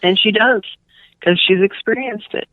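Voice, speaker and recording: Speaking at a normal pace in a mid-range voice, a middle-aged guest author with a Cuban New Yorker accent rambles through a casual interview chat, packed with fillers. The audio comes over a tinny phone line.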